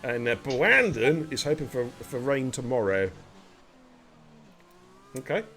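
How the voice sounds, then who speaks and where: A man's voice: mid-range voice, sing-song, slow pace, pushed and bright. A man giving live sim racing commentary, chatty and bantering with viewers and his co-host. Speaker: race commentator.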